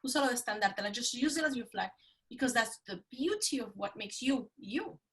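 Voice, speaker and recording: A middle-aged woman with a Spanish accent talks as a podcast guest, her voice bright and pitched a little high. She speaks emphatically and repeats her phrases for effect. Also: lively intonation, brisk. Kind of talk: casual interview talk.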